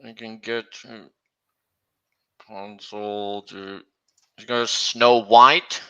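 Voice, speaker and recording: A man chatting casually on a stream, talking slowly and haltingly with frequent restarts. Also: on the low side, flat delivery, bright, forceful tone, clear, resonant tone, highs cut off. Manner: halting, many restarts, slow and meandering. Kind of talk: casual chat.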